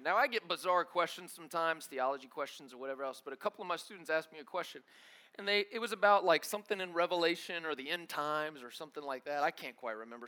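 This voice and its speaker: A young man preaching a sermon as a story, acting out the dialogue in an animated way. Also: fairly high pitch. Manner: animated, acts out dialogue, laughs often.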